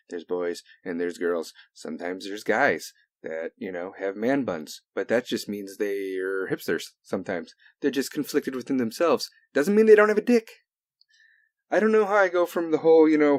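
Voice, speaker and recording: A man hosting a solo talk show in a heated, profane rant that swings between loud outbursts and low mutters. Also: no echo, studio quality. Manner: heavy cursing, heated. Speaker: podcast host.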